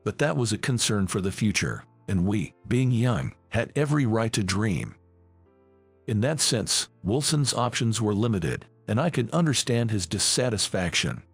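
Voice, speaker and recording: Male narrator, gravelly and husky, animated pitch, calm measured delivery, soft music underneath. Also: no room sound. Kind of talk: first-person story narration. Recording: faint background music.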